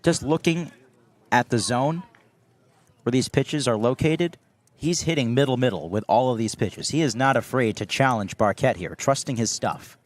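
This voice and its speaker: A man's voice: medium pitch, moderate pace. Young man calling baseball play-by-play. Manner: steady calls that rise sharply on big plays. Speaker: play-by-play announcer.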